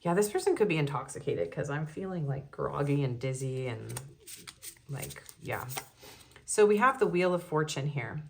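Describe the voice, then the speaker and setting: Woman, low voice, giggly tarot reader, chatty, soft hiss behind. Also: animated, moderate pace, creaky. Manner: giggly, chatty, frequent ums and likes. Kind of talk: casual tarot reading.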